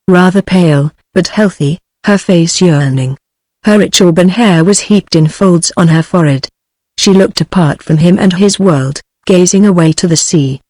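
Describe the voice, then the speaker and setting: A synthetic woman's voice with a British accent giving a text-to-speech narration of a story, in an even, flat delivery. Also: fairly low pitch, no echo.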